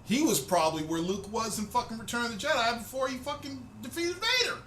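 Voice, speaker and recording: A man hosting a profane, excitable fan rant, loud and swearing freely. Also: very high voice, fast, roomy sound, slight background noise. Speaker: host of a rant video.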